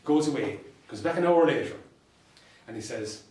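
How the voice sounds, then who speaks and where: An Irish solicitor and mediator giving an anecdotal talk to fellow professionals, telling stories with dry humour and repeated punchlines. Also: male voice, medium pitch, expressive, moderate pace, a little mellow, slight background noise. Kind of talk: anecdotal presentation to a professional audience. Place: meeting room. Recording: distant mic in an echoey room.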